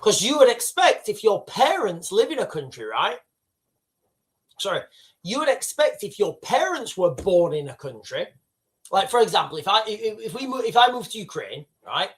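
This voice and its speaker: A man's voice: high voice, very animated, moderate pace. A middle-aged British man hosting a livestream, rambling and sidetracking as he talks to his chat. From United Kingdom. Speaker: livestream host. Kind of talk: casual livestream commentary.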